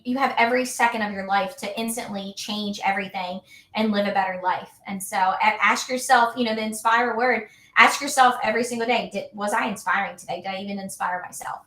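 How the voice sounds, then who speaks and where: A woman's voice: on the high side, a bit bright. A woman in her thirties, a wellness coach, talking in a chatty, upbeat way full of fillers as a podcast guest. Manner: chatty, upbeat, many fillers like "like" and "you know". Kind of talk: casual podcast conversation. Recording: roomy echo.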